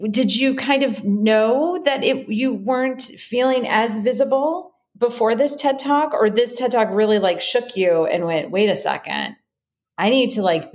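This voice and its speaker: Woman hosting a podcast, slow unhurried talker, meandering questions with lots of "like". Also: mid-range voice, darkish tone. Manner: hesitant questions full of "like". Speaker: podcast host. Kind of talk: casual interview.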